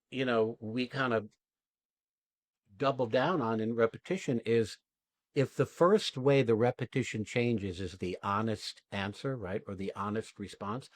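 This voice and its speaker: A man's voice: medium pitch, no room sound. Blunt, emphatic male acting coach. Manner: emphatic, blunt, swears freely. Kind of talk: coaching an acting class demo.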